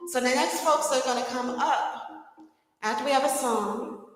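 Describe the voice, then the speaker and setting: Lady hosting a community event, kinda high voice, chatty n laughing, big echoey church hall. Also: moderate pace. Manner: lively, chatty, laughs between remarks. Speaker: event emcee. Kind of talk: live event announcing. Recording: echoey hall with long reverb.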